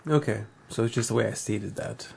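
A man's voice: on the low side, fairly quick, gravelly, a little mellow, breathy edge. A man co-hosting a podcast, chatting casually and rambling, laughing often, a bit tipsy from beer. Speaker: podcast co-host. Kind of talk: casual chat.

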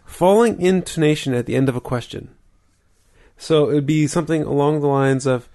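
A man's voice: a little high, moderate pace, mellow. A man in casual podcast chat, reading bits aloud and laughing easily. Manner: reads out facts, laughs easily.

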